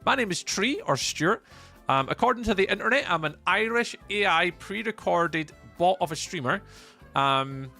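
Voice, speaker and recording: Scottish guy streaming, gravelly and bright, chatty, reads chat out, bit of music in the background. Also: high-pitched, expressive, moderate pace. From Scotland. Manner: chatty, greets and thanks chat by name, reads messages aloud. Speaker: live streamer. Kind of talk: live gameplay stream, chatting with viewers.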